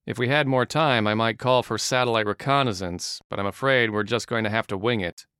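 A man voicing a calm, practical male agent who explains things in a measured way, in an audiobook. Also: lowish voice, smooth, dry recording, studio quality, lightly acted.

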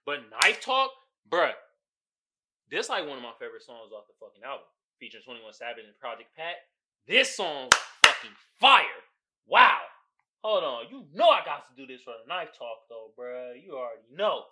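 A man's voice: mid-range voice, very animated, moderate pace, heavy background noise. A man hosting a podcast, giving a casual, profane album review and laughing often. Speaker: podcast host.

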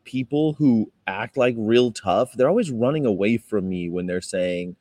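Dark-voiced rambling man, dry close sound. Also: lowish voice, a little slow, no room sound. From California. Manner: rambling storyteller, acts out confrontations in raised voices. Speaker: vegan activist vlogger. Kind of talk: casual talking-to-camera vlog.

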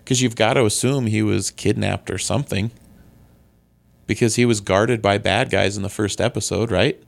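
Low gravelly-voiced man, casual podcast chat. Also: steady tone, moderate pace. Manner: easygoing, speculative, jokey. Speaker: podcast co-host.

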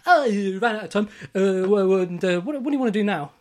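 A woman's voice: medium pitch, animated, natural voice. A woman doing a gloating game-show host. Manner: loud, gloating, halting. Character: smug taunting male game-show host, menacing.

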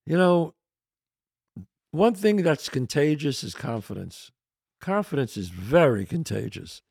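A man, hosting a podcast and telling a casual, animated anecdote that shifts into quoted voices. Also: on the high side, creaky, dry recording, studio quality. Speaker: podcast host. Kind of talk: casual storytelling.

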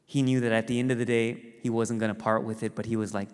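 A pastor giving a conversational sermon, telling stories with animated rises and quiet, earnest drops. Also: male voice, lowish voice, fast, smooth. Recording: reverberant hall.

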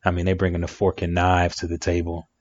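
A man's voice: sits low, monotone, quick pace, a little mellow, no echo. A man giving relationship advice in a reflective monologue, emphatic and repeating phrases for effect. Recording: dry, dull lo-fi sound.

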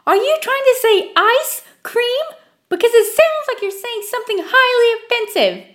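A woman voicing a shrill, haughty woman customer who scolds and lectures condescendingly. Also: very animated, normal speed, a bit bright, full character voice. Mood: indignant scolding.

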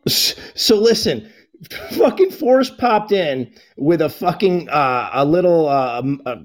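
A man's voice: fairly high pitch, big pitch swings, a little slow, soft background music. A man calling into a podcast, rambling and teasing the host with crude, profane jokes and bossy orders. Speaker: caller. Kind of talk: casual crude banter.

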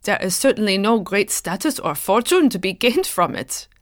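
A man's voice: high voice, very animated, moderate pace, a bit bright, no room sound, studio quality. A woman voicing a dignified colonial pastor, bewildered at an accusation, speaking formally and with measure.

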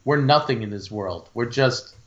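A man's voice: mid-range voice, moderate pace, highs cut off. A man co-hosting a film podcast in casual chat, rambling with many fillers and restarts. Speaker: podcast co-host.

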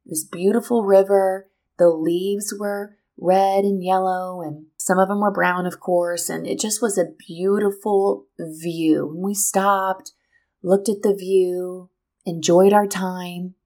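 A woman hosting a podcast, telling a personal story in a lively, expressive way and drawing a motivational lesson from it. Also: medium pitch, slow. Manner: lively, expressive storyteller who acts out what people said. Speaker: podcast host.

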